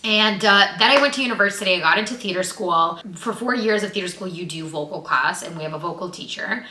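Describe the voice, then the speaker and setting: A woman's voice: on the low side, quick pace, pushed and bright. Nervous young woman in an echoey room. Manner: nervous, open, heavy use of "like". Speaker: vlogger and actress. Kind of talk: casual chat to camera. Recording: roomy echo.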